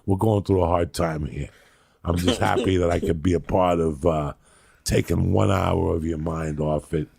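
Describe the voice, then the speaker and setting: Gravelly, husky man in his fifties. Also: deep voice, fairly even intonation, normal speed, darkish tone, no room sound. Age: 50s. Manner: rambling, profane, laughing storyteller. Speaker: podcast host. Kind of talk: casual storytelling chat.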